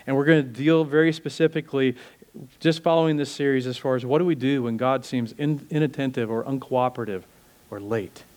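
A man's voice: medium pitch, brisk, darkish tone. A middle-aged man preaching a sermon as pastor, emphatic and full of rhetorical questions, building to fervent peaks.

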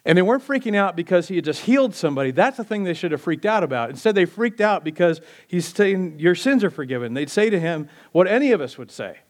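Man, pastor, sermon, slightly high voice, conversational, rhetorical questions. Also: sing-song. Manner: conversational preaching, rhetorical questions, drops low and slow on key phrases.

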